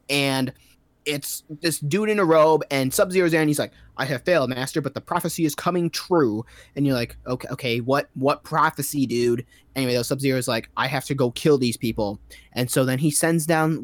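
A man's voice: on the high side, dry recording. Rambling sarcastic guy recapping a movie. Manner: rambling, sarcastic, lots of fillers. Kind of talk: casual comedic movie recap.

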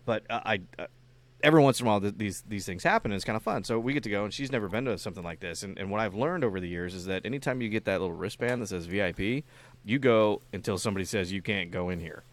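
A man casually telling a story in conversation, halting often with restarts and fillers. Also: on the low side.

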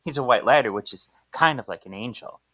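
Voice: medium pitch, expressive, brisk, a bit bright, dry recording. A snippy teenage witch girl, read out by a podcast host who brushes others off with a sneer. The delivery is casual. The sound is dry and close. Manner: sneering, dismissive read-aloud.

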